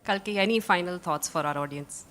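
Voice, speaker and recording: A woman's voice: lowish voice, brisk, a bit bright. A woman moderating a panel, graciously closing the session and thanking guests.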